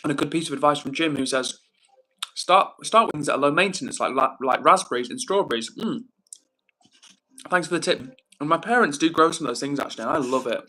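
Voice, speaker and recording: A man's voice: a little high, expressive, brisk, bright, forceful tone. A young man hosting a livestream, chatting casually and reading viewer comments aloud. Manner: chatty, upbeat, reads chat messages aloud. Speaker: livestream host.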